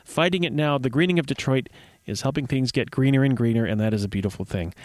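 A man's voice: medium pitch, quick pace, darkish tone, dry recording. Wry, chatty male radio host. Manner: wry, chatty, joking asides. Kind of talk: casual radio presenting. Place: radio studio. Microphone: studio microphone.

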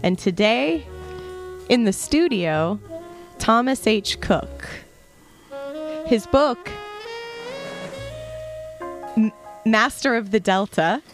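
A woman hosting a radio interview in a studio, halting and restarting her questions. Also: fairly high pitch, lively intonation, music in the background. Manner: hesitant, many fillers and restarts. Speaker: radio show host.

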